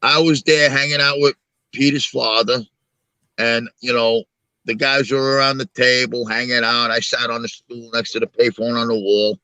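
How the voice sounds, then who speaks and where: A man's voice: mid-range voice, little pitch movement, normal speed, sharp tone, no echo. Profane New man telling street stories. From Long Island, New York. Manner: profane, storytelling, blunt. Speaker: show host. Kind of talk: casual live-stream talk.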